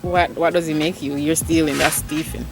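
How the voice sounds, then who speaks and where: A woman's voice: deep voice, fairly even intonation, normal speed, gravelly, music in the background. A woman hosting a casual vlog with her little sister, teasing her and laughing often. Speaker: vlog host, older sister. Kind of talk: casual chat.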